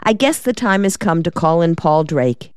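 A woman's voice: on the low side, expressive, moderate pace, clear, resonant tone, no room sound, close to an everyday voice. A woman reading the part of a shrewd, wisecracking male defense lawyer in an audiobook, in a dry, decisive manner.

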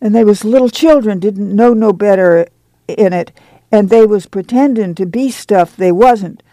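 A man's voice: high-pitched, moderate pace, dark tone, no room sound, voice pushed up, lightly acted. A man voicing a stocky, fiercely pious camp woman who scolds in a rural dialect for an audiobook. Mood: fervent. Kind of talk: audiobook reading.

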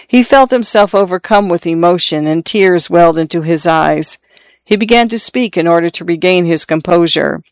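An audiobook narrator reads a classic tale in a measured, steady storytelling style. The voice is smooth, resonant, and medium in pitch, recorded close and dry on a studio mic with no room sound.

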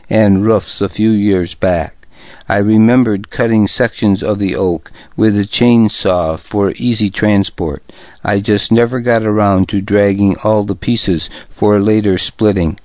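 Male narrator, low voice, steady measured delivery, dry close studio sound on a dull lo-fi radio recording. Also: no room sound. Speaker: audiobook reader for radio reading service. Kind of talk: scripted first-person narration.

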